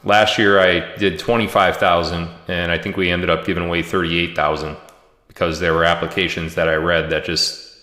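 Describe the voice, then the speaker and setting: Deep-voiced man hosting a livestream. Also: little pitch movement, moderate pace. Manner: joking, reads viewer comments and shout-outs aloud. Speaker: livestream host. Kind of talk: casual livestream chat. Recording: echoey room with long reverb.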